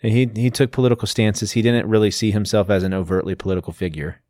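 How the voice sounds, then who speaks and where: A man's voice: on the low side, steady tone, fast, a little mellow, no echo, studio quality. A man hosting a podcast, casually explaining a novel's background and stopping to restart his sentences. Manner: explanatory, lists facts, frequent restarts. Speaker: podcast host. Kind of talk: casual book discussion.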